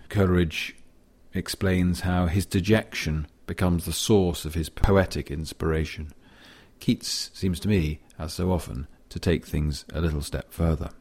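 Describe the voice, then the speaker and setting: A middle-aged man explaining a poem in a measured, thoughtful way, reading lines of verse aloud between scholarly asides. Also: low-pitched, darkish tone. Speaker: literature lecturer.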